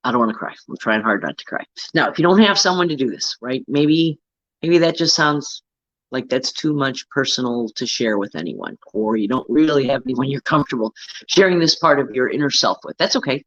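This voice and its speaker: Earnest man coaching in a low, dry voice. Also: animated, moderate pace, no room sound, muffled recording. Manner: earnest, gently coaching, often asks "right?". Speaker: host. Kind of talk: casual self-help talk.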